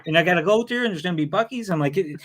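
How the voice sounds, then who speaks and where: An American man telling stories in a relaxed, animated podcast chat, swearing now and then. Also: high voice, rapid-fire, slight background noise. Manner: animated storyteller, swears freely. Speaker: podcast guest. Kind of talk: casual chat.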